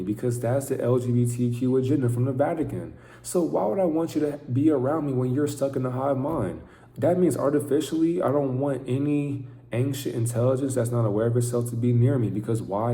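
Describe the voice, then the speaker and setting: A man's voice: medium pitch, fairly quick, dark tone, reverberant. A man giving an intense, profane, preaching monologue to camera as a vlogger.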